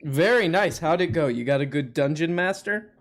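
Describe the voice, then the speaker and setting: A man's voice: a little high, animated, normal speed. A man hosting a live call-in stream, rambling and joking with callers, full of "like" and restarts. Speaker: host of a live call-in show. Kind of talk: casual live-stream chat.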